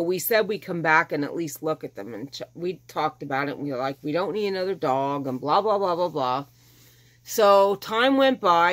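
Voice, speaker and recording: Her voice low but fairly bright, a middle-aged woman chattily recounts her rescue story for her vlog. She rambles at length and voices the dialogue of the people involved.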